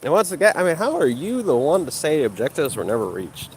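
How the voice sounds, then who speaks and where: A man's voice: fairly high pitch, sing-song, fairly quick, slight background noise. A man in a heated live-stream rant, arguing with and insulting chat. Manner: combative, insulting, mocking.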